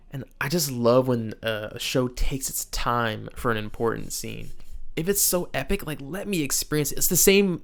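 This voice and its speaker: A young man giving casual reaction commentary, joking and often breaking into laughter. His voice sits mid-pitch with a gravelly edge. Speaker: reaction video host.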